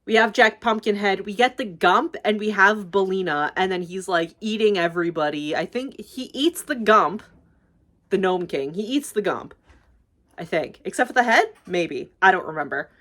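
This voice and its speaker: A woman's voice: mid-range voice, expressive, moderate pace, a bit bright. A young woman YouTuber casually recapping a movie, rambling and gushing, swearing freely and filling with "like".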